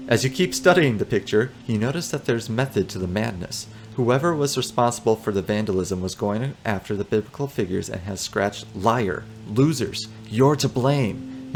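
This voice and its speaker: A man's voice: lowish voice, a little hiss or hum. Man reading a text game aloud. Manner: amused, joking asides between read passages. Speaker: let's player.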